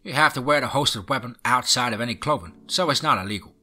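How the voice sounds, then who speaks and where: A man's voice: mid-range voice, expressive, fast talker. A man voicing a blunt, wary Southern pawn shop clerk with a Southern accent, matter-of-fact in tone. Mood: enthusiastic. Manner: matter-of-fact, drops to a hushed tone.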